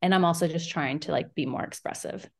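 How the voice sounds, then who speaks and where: A woman's voice: low-pitched, fairly quick, creaky. A woman co-hosting a podcast in casual chat, telling stories with lots of "like" and acted-out quotes. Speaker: podcast co-host.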